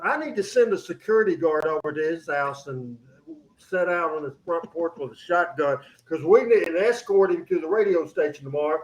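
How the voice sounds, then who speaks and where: A man hosting a radio show in casual studio chat, energetic and rambling, with many fillers and restarts. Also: on the high side, fairly quick, lo-fi sound.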